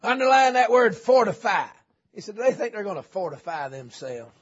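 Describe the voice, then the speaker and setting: Revival preacher, husky high tenor, folksy with shouting peaks, lo-fi church tape. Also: male voice, sing-song, moderate pace. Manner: folksy, joking, swings from low asides to shouting. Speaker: visiting preacher. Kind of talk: revival sermon. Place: church sanctuary.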